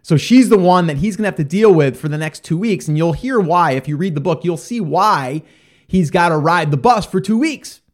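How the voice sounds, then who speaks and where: Man, slightly higher voice, casual motivational talk, rambling, lots of fillers. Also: expressive, moderate pace. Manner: rambling, conversational, many fillers and restarts. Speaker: parent talking to listeners.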